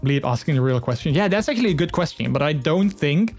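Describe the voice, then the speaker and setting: A man's voice: fairly high pitch, animated, quick pace, few pauses, a little mellow, soft background music. A man streaming live, chatting with his viewers in a rambling, earnest way full of fillers. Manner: open and earnest. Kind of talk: casual live-stream chat.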